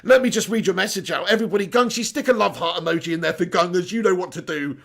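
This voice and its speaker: Excitable man hosting a live stream. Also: high-pitched, fast talker, creaky. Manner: excitable, laughing, swearing banter. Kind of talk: live stream chat, reading viewer messages.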